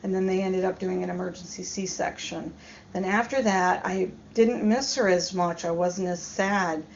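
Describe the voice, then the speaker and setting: A woman recounts a personal story in a subdued, halting voice full of pauses and ums. Her tone has a gravelly fry. The recording sounds dull and lo-fi. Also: fairly low pitch, steady tone, a little hiss or hum. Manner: hesitant, halting, many ums. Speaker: storyteller vlogger.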